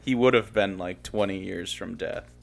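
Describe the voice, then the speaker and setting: A man co-hosting a casual sports podcast, throwing in dry, dark jokes. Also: low-pitched, normal speed, creaky. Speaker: podcast co-host. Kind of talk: casual chat.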